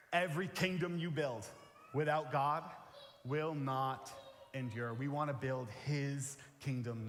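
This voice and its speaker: A man's voice: a little high, normal speed, a bit bright. A man preaching a conversational sermon as a pastor, earnest and plain-spoken, repeating his key phrases. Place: church sanctuary. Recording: reverberant church hall.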